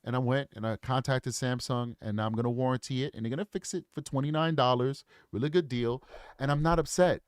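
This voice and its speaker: A man's voice: mid-range voice, steady tone, brisk, clean tone, dry recording, studio quality. A man in his forties giving casual, opinionated commentary straight to his viewers. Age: 40s. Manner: opinionated, talks straight to the audience. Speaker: true crime commentator.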